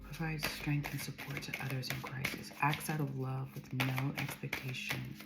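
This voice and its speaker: A woman's voice: a bass voice, little pitch movement, normal speed, creaky, very noisy. A woman giving an intuitive tarot reading, rambling through the cards, reading their meanings aloud and laughing often. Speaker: tarot reader.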